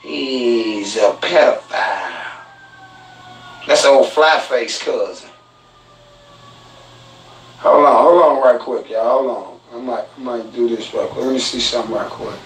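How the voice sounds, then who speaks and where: A man hosting a live-stream podcast tells a story casually and profanely, mocking people and laughing at his own insults. His mid-range voice moves a little slowly, with long pauses. The recording is roomy and off-mic, with a distant microphone and faint noise.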